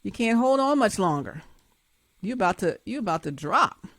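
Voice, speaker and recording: A woman's voice: medium pitch, very animated, moderate pace, a bit bright, dry recording. A woman hosting her show, giving emphatic, preachy commentary with frequent laughs. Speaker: host.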